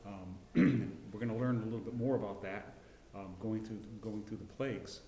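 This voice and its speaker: A middle-aged man teaching a casual Bible class, folksy and rambling, with frequent restarts and throat clearing. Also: on the low side, moderate pace, dark tone, roomy sound, a little hiss or hum. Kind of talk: casual Bible lesson with personal story. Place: church classroom.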